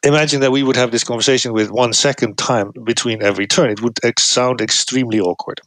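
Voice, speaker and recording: A man's voice: medium pitch, fairly even intonation, quick pace, fairly bright tone, no room sound. A middle-aged man explaining his research casually, thoughtful, often restarting phrases and acting out example replies. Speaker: guest researcher.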